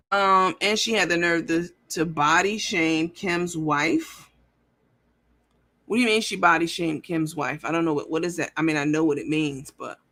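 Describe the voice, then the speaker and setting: A woman hosting a casual livestream who reads viewer comments aloud and talks in a blunt, profane, rambling way. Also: fairly low pitch. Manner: animated and lively. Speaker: livestream show host.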